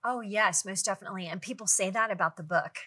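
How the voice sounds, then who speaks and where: Bright-voiced woman preaching earnestly. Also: mid-range voice, fast, breathy edge. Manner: earnest, preacherly, scripture-quoting. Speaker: guest author. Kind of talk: faith talk show conversation.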